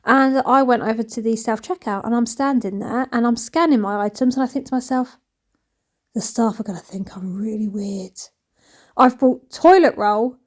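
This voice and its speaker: A woman's voice: a little high, darkish tone. Chatty woman rambling while cleaning. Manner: rambling, frank, self-mocking. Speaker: cleaning vlogger.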